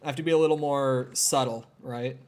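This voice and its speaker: A man's voice: medium pitch, steady tone, fairly quick, darkish tone. A young man with a Minnesota accent, chatting casually and rambling as he streams a video game, swearing often and filling gaps with "like". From Minnesota, United States. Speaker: gaming streamer. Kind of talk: casual gameplay commentary.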